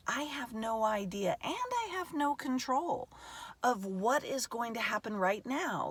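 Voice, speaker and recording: Lively-voiced woman musing outdoors. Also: medium pitch, breathy edge. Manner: meandering, restarts often, laughs mid-sentence. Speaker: podcast host. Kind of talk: reflective spiritual monologue. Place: outdoors in a remote spot.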